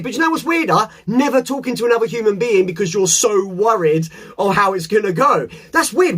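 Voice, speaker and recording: Playful host, high and lively, cursing his way through a pep talk to camera. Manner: swears often, animated and playful. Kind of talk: casual motivational monologue to camera.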